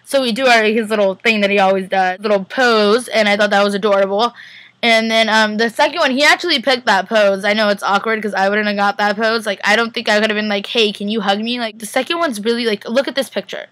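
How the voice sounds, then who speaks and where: A woman's voice: medium pitch, steady tone, fast talker, a bit bright, no echo. A young woman vlogger casually rambling through a recap, full of "like" and acted-out quotes. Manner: rambling, heavy use of "like", acts out quotes.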